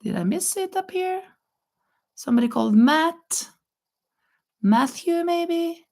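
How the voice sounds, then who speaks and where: A woman's voice: extremely high pitch, lively intonation, slow pace, darkish tone. A woman with a Norwegian accent chatting casually on a live stream, laughing often and reading out viewer comments. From Norway. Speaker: crochet channel host.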